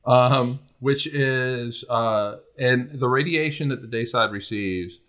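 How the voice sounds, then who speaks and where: A man's voice: medium pitch, slow pace, fairly bright tone. A man hosting a casual astronomy podcast, rambling with many fillers. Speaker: podcast host.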